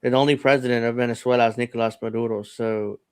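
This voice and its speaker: A man's voice: mid-range voice, steady tone, quick pace, a little mellow, clear, resonant tone. Casual man hosting a news panel. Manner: rambling, reads posts aloud, laughs often. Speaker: host.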